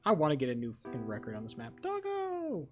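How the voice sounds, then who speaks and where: A young man chatting on a live stream, rambling and excitable with lots of swearing. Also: medium pitch, very fast, music in the background. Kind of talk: casual live-stream chat.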